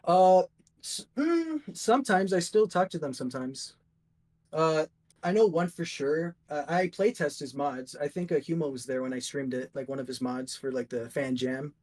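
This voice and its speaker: A man's voice: a little high, normal speed, a little mellow. A young man, a guest artist, chatting casually in a rambling, upbeat way with lots of fillers. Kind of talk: casual chat.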